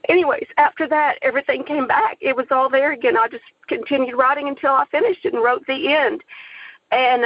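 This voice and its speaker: A woman's voice: on the high side, vocal fry, dry recording, muffled recording. A woman director telling her personal faith testimony in an earnest storytelling way, acting out the quoted dialogue. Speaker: film director and writer.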